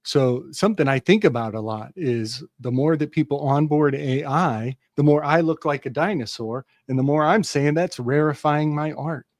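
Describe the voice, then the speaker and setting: A man's voice: a little high, normal speed, few pauses, no room sound, studio quality. A man co-hosting a casual talk show, reflecting on his work and telling a rambling folk tale with many restarts.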